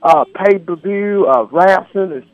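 A man's voice: high-pitched, a little slow, dry recording, highs cut off. A man calling in to a sports radio show over the phone, earnest and emphatic. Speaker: radio caller. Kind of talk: call-in radio chat. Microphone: phone line.

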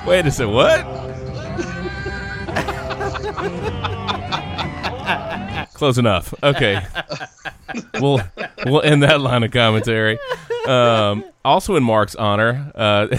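A man's voice: medium pitch, a little slow, over music. A man hosting a casual sports podcast, laughing often and calling his cohost dude and man.

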